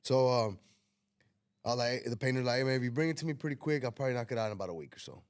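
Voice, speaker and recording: A man tells a story in a casual podcast chat. He acts out the dialogue with lively energy and swears freely. His voice sits at an ordinary middle pitch. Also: rapid-fire, no echo, studio quality. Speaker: podcast host telling a story.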